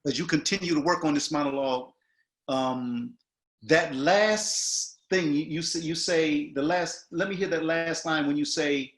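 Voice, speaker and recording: Male acting teacher, fairly high voice, halting notes, echoey room. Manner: halting, repeats words, quotes lines aloud. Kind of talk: coaching notes in a class. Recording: roomy echo.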